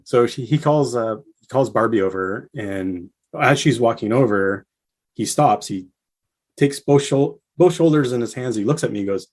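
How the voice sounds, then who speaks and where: A man guest on a casual podcast, telling a story with animated bursts when he quotes people. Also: normal speed. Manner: animated storyteller, acts out quotes with rising pitch.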